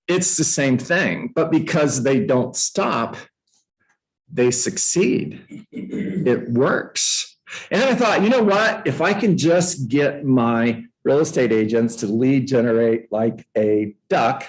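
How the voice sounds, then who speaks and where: A man who coaches real estate agents, telling a playful story to a room and jumping up in pitch for emphasis. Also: unhurried, poor audio. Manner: animated, playful, uses props, jumps up in pitch for emphasis; addresses listeners by name. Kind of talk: storytelling motivational talk.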